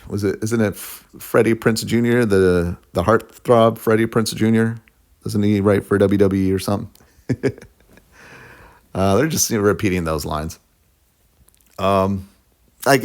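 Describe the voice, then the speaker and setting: A man's voice: on the low side, gravelly. A man, a YouTuber, ranting casually to camera in a blunt, sarcastic way, laughing at his own jokes.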